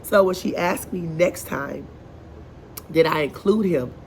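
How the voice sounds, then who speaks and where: A woman's voice: lowish voice, measured pace, a little mellow, a little hiss or hum. A woman, a first grade teacher, venting in a casual vlog in her classroom. She talks in an exasperated, chatty way with many asides and sounds congested and short of breath.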